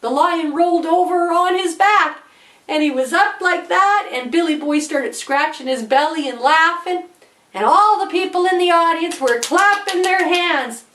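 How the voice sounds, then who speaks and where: A woman telling a children's story in an animated, dramatic way. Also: extremely high pitch, measured pace, roomy sound. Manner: animated, dramatic, gasping with wonder. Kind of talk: storybook narration.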